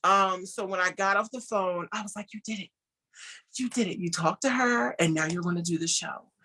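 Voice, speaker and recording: Woman telling her story with animated quotes. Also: medium pitch, normal speed, husky. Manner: speaks of herself as an introvert. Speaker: guest, clothing designer. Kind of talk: storytelling interview talk.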